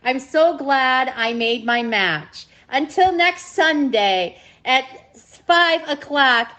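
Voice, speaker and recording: A woman hosting a live-streamed matchmaking show, gushing and excitable, squealing when pleased. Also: high voice, slow pace.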